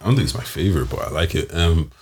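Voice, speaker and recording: A very deep, expressive male voice talks fast against slight background noise. He's a podcast co-host in casual chat, rambling with plenty of fillers and restarts.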